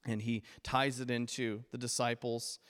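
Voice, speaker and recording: A man preaching a sermon as pastor, animated and playful, acting out the voices he quotes with humor. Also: mid-range voice, a little slow, long reverb tail.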